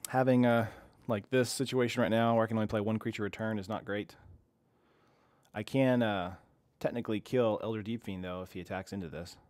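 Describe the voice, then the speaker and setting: A man's voice: fairly low pitch, steady tone, brisk, a little mellow, dry recording. A young man casually commenting while he streams an online card game, chatty and self-deprecating, reading viewers' chat aloud.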